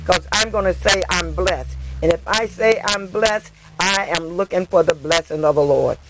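A woman preaching a sermon slowly and deliberately, quoting scripture and repeating hallelujah. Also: lowish voice. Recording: noisy recording.

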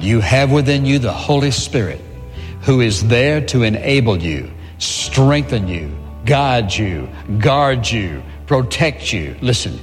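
A man preaching an earnest sermon, stressing words and pausing often between phrases. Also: medium pitch, in a large hall. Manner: earnest, emphatic preaching with drawn-out pauses. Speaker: pastor.

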